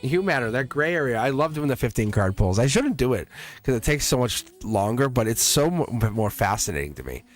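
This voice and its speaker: A man's voice: medium pitch, big pitch swings, a little fast, soft background music. A middle-aged man reading tarot on a live stream, chatty and playful, laughing often and talking straight to his viewers. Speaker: tarot reader.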